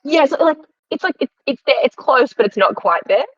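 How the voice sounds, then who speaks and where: A woman's voice: high-pitched, expressive, fairly quick, fairly bright tone, no room sound, highs cut off. A woman co-hosting a podcast, chatting casually and laughing often. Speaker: podcast co-host. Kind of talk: casual chat.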